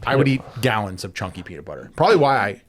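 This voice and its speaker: A man's voice: on the low side, very animated, rapid-fire, slight background noise. A man hosting a casual podcast, blunt and teasing in his banter. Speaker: podcast host.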